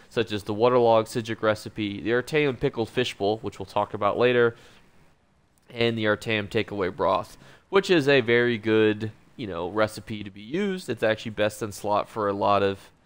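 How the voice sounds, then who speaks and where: A man's voice: lowish voice, clear, resonant tone. A man hosting a scripted video game guide, upbeat and joking, talking over gameplay. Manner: upbeat, joking, self-correcting. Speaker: gaming YouTuber.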